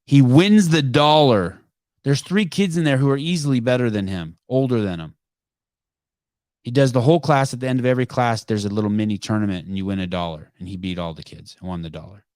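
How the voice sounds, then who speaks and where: A man's voice: lowish voice, quick pace, darkish tone, no echo, studio quality. A middle-aged man hosting a podcast, telling a rambling family story with asides and self-corrections. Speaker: podcast host. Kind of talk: casual live call-in chat.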